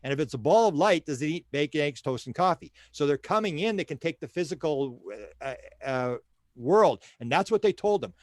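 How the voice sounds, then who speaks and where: An older man tells stories as an interview guest, with a slightly raised voice and a rapid, tumbling delivery. He acts out the voices of the people in his stories and repeats words as he hunts for the next thought. The sound is close and dry, with no room echo. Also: on the high side. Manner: animated storyteller who acts out quoted dialogue; repeats words while searching for them. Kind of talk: storytelling in a casual interview.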